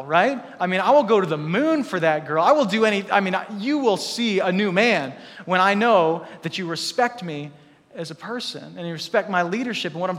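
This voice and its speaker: A man in his thirties delivers a sermon in a high, buoyant voice. He is animated and jokes with the congregation between points. A long reverb from the church hall trails each phrase. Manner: animated, joking asides to the congregation. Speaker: pastor.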